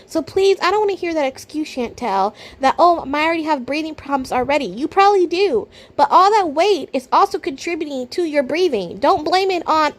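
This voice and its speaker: High-voiced woman giving blunt reaction commentary. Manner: blunt, incredulous, swings between muttering and loud outbursts. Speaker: reaction video host.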